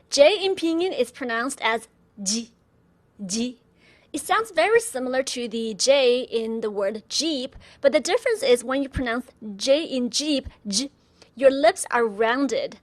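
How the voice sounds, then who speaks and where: A woman teaching pinyin pronunciation, demonstrating each sound slowly and repeating syllables for learners. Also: high-pitched. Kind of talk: slow instructional pronunciation lesson.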